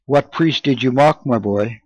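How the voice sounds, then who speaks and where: A man's voice: mid-range voice, unhurried, dry recording, dull audio, natural voice. A man reading as a haughty, stern priest. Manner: pressing, questioning.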